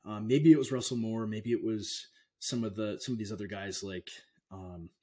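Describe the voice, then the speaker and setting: Halting male pastor talking casually. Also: on the low side, steady tone, darkish tone. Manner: halting, trails off and restarts often. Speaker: pastor and author, guest. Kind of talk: casual conversation.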